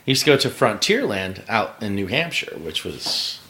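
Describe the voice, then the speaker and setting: A man's voice: fairly low pitch, very animated, normal speed, bright, forceful tone. A man, a pit crew member, guesting on a podcast and telling rambling, profane stories, often laughing. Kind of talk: casual storytelling.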